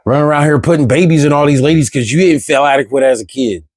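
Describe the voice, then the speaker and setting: A man's voice: a little high, fast, darkish tone, dry recording. Exasperated, cursing man ranting to camera. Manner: exasperated, profane, rhetorical questions. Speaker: vlogger. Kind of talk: candid ranting monologue.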